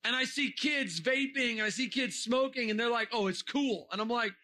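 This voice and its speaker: A man delivers a lively sermon to a young audience, joking around and firing off rhetorical questions. His voice sits high and bright. He now and then breaks into a shout to drive a point home. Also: normal speed. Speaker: preacher.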